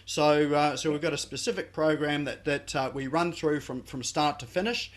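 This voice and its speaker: A man's voice: fairly high pitch, steady tone, moderate pace. A man who is a business coach, a guest on a radio interview, talking with many fillers and hesitations.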